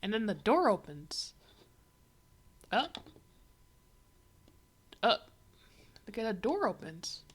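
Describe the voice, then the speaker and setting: A woman's voice: medium pitch, very animated, slow, pauses often, husky. A woman livestreaming as she reads a comic, giving a rambling, wry running commentary full of fillers. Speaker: livestreamer reading a comic aloud.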